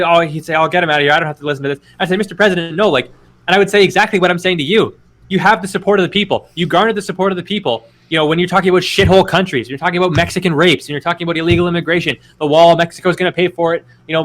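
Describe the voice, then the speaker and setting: A man's voice: fairly high pitch, fairly bright tone. A man co-hosting a podcast in casual political chat, rambling and profane with many restarts. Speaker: podcast co-host.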